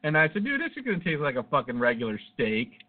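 This podcast co-host has a fairly high voice, big pitch swings, and a quick pace. He tells rambling, profane stories in casual chat, and the audio sounds tinny, like a phone.

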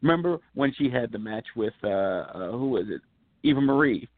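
A man co-hosting a casual wrestling podcast, rambling through animated stories with plenty of fillers. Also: medium pitch, moderate pace. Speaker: podcast co-host. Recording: tinny phone-like line.

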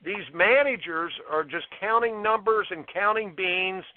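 Over a tinny phone line with a little hiss or hum, a tennis coach with a high voice and measured pace talks as an interview guest, indignantly and passionately repeating his points.

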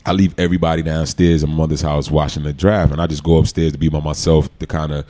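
Deep-voiced New man telling stories. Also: fast talker. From New York. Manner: animated storyteller who acts out quoted lines. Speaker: guest, former pro football player. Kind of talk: casual podcast storytelling.

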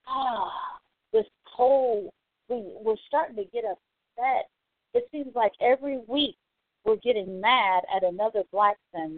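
A woman hosting a call-in show, giving blunt, animated commentary and swearing freely. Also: a little high, no room sound. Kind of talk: casual opinionated commentary. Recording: tinny phone-line audio.

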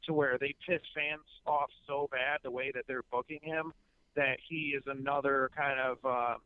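A man on a podcast reasons through his points at length, rambling and restarting as he goes. His voice is of middling pitch. The sound is slightly dull and lo-fi, and dry. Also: steady tone, moderate pace, clean tone, dry recording. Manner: rambling, analytical, many restarts. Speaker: wrestling podcast panelist. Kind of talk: casual chat.

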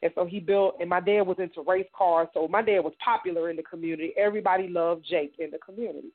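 In a radio interview, a middle-aged survivor from Indiana, United States, gives personal testimony about her past in a lowish, steady voice. She speaks haltingly, repeats words and doubles back, and acts out the lines of others in her story. The radio sound is thin, tinny, and phone-like.

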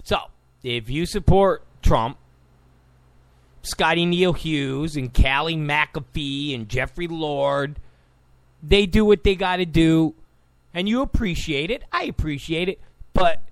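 Animated, high-pitched male commentator. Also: takes it slowly, dry recording. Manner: combative, mocks opponents in quoted voices. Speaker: political commentator. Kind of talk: opinionated talk commentary.

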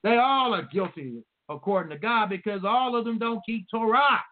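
A high-voiced man preaching with emphatic insistence, drawing out scripture verses slowly and repeating chapter and verse. The audio is thin and tinny, as if it came over a phone line. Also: animated. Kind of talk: sermon.

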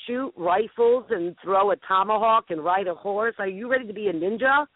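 A woman's voice: medium pitch, normal speed, no room sound. A woman with a Boston accent hosting a call-in interview, chatty and teasing. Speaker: radio show host. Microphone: phone. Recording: tinny phone line.

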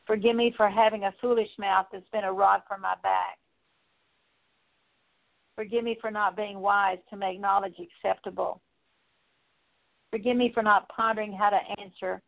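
A woman's voice: mid-range voice, fairly even intonation, moderate pace, gravelly, long pauses. A woman leading an earnest, repetitive spoken prayer of confession, with occasional fillers. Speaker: prayer leader. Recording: tinny phone-like audio.

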